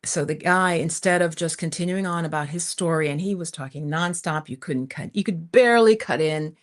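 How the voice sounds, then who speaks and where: A middle-aged woman hosting a livestream, telling a personal story in a chatty, animated way with frequent laughs. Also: low-pitched, moderate pace. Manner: chatty and animated, often laughing and saying "you guys". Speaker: spiritual teacher hosting a livestream. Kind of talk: live-streamed personal storytelling.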